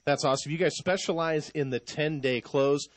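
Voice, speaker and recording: Brief: male radio host, bright upbeat banter, fairly high voice, dry studio sound. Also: no room sound. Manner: upbeat, jokey, quick banter. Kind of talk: live call-in radio talk.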